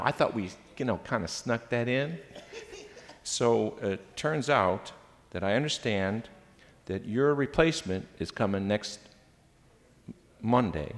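An older man giving a farewell floor speech as senate president, teasing dryly and then speaking earnestly. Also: on the low side. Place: legislative chamber. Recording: reverberant hall.

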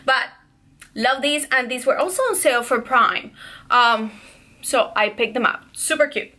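A woman's voice: a little high, measured pace, bright, forceful tone. A young woman, slightly out of breath, chatting casually and enthusiastically to viewers at home about products she bought. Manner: chatty and gushing, addresses viewers as "you guys". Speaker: beauty and lifestyle vlogger. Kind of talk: casual product haul chat.

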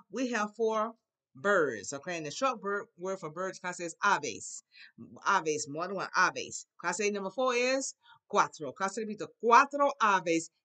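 A woman teaching a Spanish class to young children, leading songs and call-and-response in a lively, sing-song way. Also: fairly low pitch. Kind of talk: children's language lesson.

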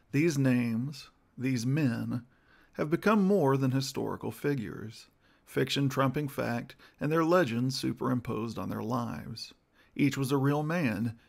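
Gravelly man giving a history talk. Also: medium pitch. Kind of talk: scripted history lecture.

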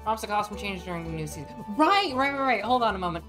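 A woman vtuber streaming a farming game, chatting casually in an animated, crude, joking way and often swearing. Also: mid-range voice, fast talker, music in the background. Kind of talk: casual gaming stream chat.

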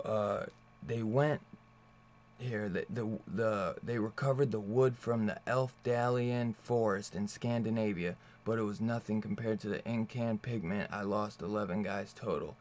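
A man's voice: fairly low pitch, steady tone, measured pace, darkish tone. A man reviewing a comic book in a loose, rambling way, swearing freely and laughing often. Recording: dull lo-fi recording.

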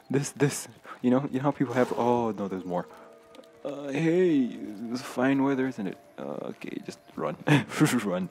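A young male gamer streamer narrates his own gameplay in a let's play, his medium-pitched voice gravelly and a little mellow. He's nervous and jumpy, talking to himself and often gasping and laughing.

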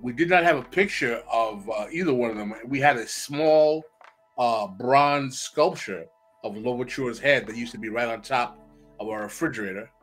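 A man with a mid-range voice, a podcast guest who explains things steadily and methodically. His tone is measured and lecturing, and he is heard over a video call. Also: medium pitch, a bit bright, faint music behind, rough recording. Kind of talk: explanatory discussion.

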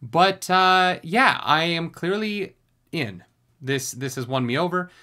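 A young man hosting a casual anime reaction video, chatty and energetic, now and then singing along loudly. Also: a little high, takes it slowly. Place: home recording room.

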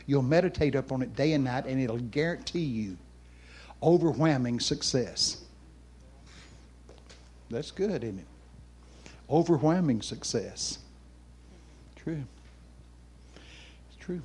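An older man, preaching in a folksy way and telling stories, then speaking quietly and personally to people. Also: medium pitch, takes it slowly, pauses often, husky. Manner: folksy, animated storyteller who then talks softly and personally to listeners. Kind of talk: folksy sermon storytelling.

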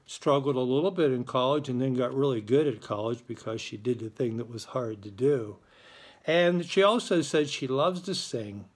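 A man hosting a school morning show, giving casual announcements in a chatty, joking way. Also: mid-range voice. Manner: chatty, playful, joking with listeners.

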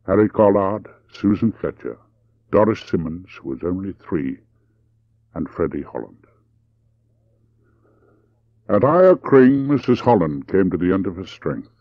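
Male audiobook narrator, very low voice, expressive and lively in pitch, dry and slightly dull sound. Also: a little slow, pauses often, no echo.

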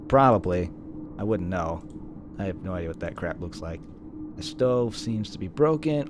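A man's voice: fairly low pitch, expressive, measured pace, a little hiss or hum. Man swearing and laughing through a game. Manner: laughs at his own jokes, swears, thinks aloud. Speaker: gaming video host. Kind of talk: casual let's-play commentary.

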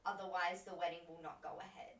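A woman's voice: lowish voice, flat delivery, quick pace, fairly bright tone, slight background noise. Woman co-host, roomy and off-mic. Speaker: podcast co-host. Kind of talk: casual chat, reading online posts aloud. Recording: echoey room, mic at a distance.

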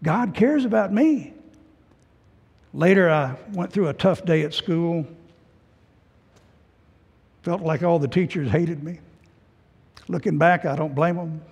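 A middle-aged man preaches a heartfelt testimony, his high, slightly husky voice rising loud and then sinking to a hush. Long reverb from a church hall rings around him. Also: takes it slowly, long pauses. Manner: emotional personal testimony, swinging from loud to hushed. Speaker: pastor. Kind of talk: sermon. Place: church sanctuary.

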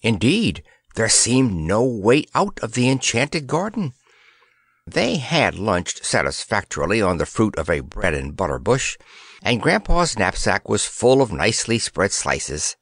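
A man reading a children's storybook aloud in an expressive, measured manner. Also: on the low side, breathy edge, no echo, clean studio sound. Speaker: audiobook narrator. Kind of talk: scripted audiobook narration.

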